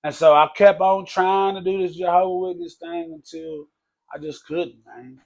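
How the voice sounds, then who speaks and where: A man telling his life story in a casual podcast conversation, talking loosely and dropping low to quote others. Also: steady tone, normal speed, vocal fry, darkish tone. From Texas. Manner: conversational, peppers speech with "man" and "bro", drops low for quoted speech. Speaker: podcast guest.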